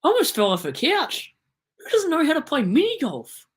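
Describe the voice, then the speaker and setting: Excitable young Australian man streaming. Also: very high voice, moderate pace. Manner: excitable, digressive, swings from loud bursts to mumbling asides. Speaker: live-stream host. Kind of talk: casual live-stream chat.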